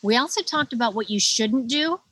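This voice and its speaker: A middle-aged woman, a children's book co-author, telling parenting stories in a lively, chatty way and laughing often. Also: fairly high pitch, moderate pace, slightly rough. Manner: animated storyteller, laughs often. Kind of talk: casual conversation.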